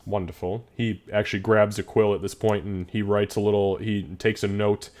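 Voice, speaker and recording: A man's voice: on the low side, flat delivery, moderate pace, darkish tone. A man running a tabletop game, narrating casually with restarts. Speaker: game master.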